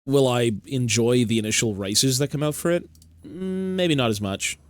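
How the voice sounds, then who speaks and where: A man streaming, giving relaxed, offhand commentary on a game with casual fillers. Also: medium pitch, normal speed, no echo, studio quality.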